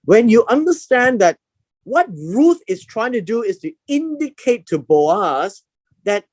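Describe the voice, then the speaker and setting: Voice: mid-range voice, no room sound. A Bible teacher giving a verse-by-verse lesson, explaining word meanings and repeating key words for emphasis.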